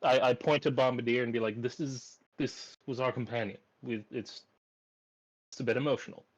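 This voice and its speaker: A man playing a tabletop game, speaking haltingly with frequent restarts. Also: medium pitch, steady tone. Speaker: player. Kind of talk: casual tabletop role-play. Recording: dull lo-fi audio.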